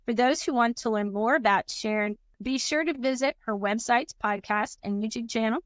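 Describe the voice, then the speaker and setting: A woman's voice: on the high side, moderate pace, dry recording. A woman hosting a podcast from the United States, closing an interview in a polite, upbeat, formal way. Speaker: podcast host. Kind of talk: scripted interview wrap-up.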